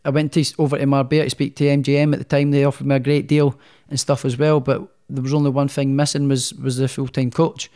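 A man's voice: medium pitch, little pitch movement, quick pace, few pauses, mellow. A man, a boxer, telling his story as a podcast guest in a chatty, rambling way. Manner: chatty, rambling, many restarts. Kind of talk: casual storytelling in a podcast interview.

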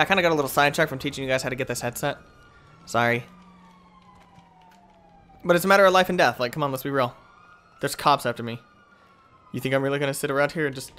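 In a voice on the high side, a young man commentates live on his gaming channel. He gets excitable, going from muttering to yelling and trash-talking other players.

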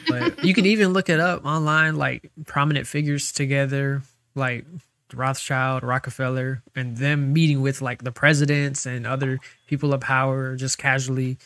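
A man's voice: mid-range voice, steady tone, moderate pace, a bit bright, no room sound. A man co-hosting a podcast, chatting in a laid-back way and laughing often. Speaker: podcast co-host. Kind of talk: casual chat.

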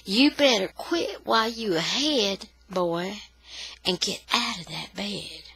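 A stern, bossy father scolding firmly, as a woman puts him on while reading aloud. The voice stays bright and close, with a dry sound and an unhurried pace. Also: mid-range voice, expressive, creaky, husky, dry recording, exaggerated voice, low-quality recording.

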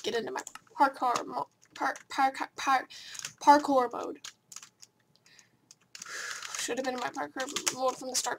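A woman with a high voice talks through her game in frustrated, sweary bursts that stumble over words. The recording is noisy, with clicking keys close to the mic. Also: little pitch movement, unhurried, gravelly, pauses often. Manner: frustrated, swearing, stammering outbursts. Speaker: gaming video creator. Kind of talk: let's play commentary. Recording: noisy home mic with keyboard clatter. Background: keyboard clicks and typing.

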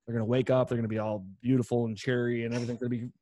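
A man's voice: mid-range voice, racing, no echo. A man co-hosting a casual podcast chat who tells stories with swearing and acts out what other people said. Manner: animated storytelling, swearing, acts out quotes. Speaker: podcast co-host.

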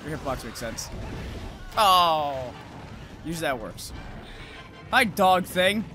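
A young man streaming a game, just woken up, swearing and yelling at the monster with sudden whoops. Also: a little high, lively intonation, takes it slowly, soft background music. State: just woke up, groggy. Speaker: gaming streamer. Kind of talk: live gameplay commentary.

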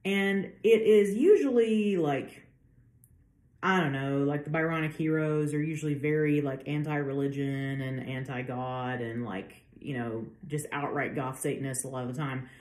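A woman with a low voice gives a relaxed literature lecture, chatty and full of fillers. She acts out the quotes she talks about. The room sounds echoey around her. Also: moderate pace. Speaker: literature professor. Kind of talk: casual lecture.

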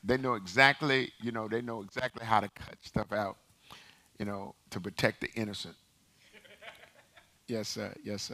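A man's voice: on the low side, steady tone, normal speed, sharp tone. A man in his sixties, a pastor preaching a sermon, calling on the congregation to repeat phrases after him and repeating words as he builds a point.

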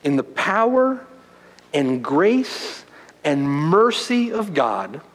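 Male preacher, unhurried delivery, big swings between loud stress and hushed lines, long church reverb. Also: sing-song. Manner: dramatic preaching, swinging from loud emphasis to hushed low tones. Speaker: pastor. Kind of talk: sermon. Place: church sanctuary.

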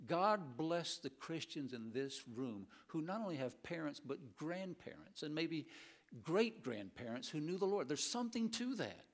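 A man preaching an animated sermon in a church and mixing in humorous stories. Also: fairly high pitch, unhurried. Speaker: pastor. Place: church sanctuary.

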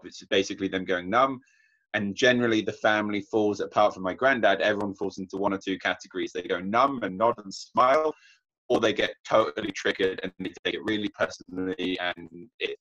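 Young guy on a video call, really low voice, muffled audio, thoughtful sharing. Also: fairly bright tone. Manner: earnest, reflective, acts out remembered dialogue. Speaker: workshop participant. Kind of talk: personal sharing in an online group.

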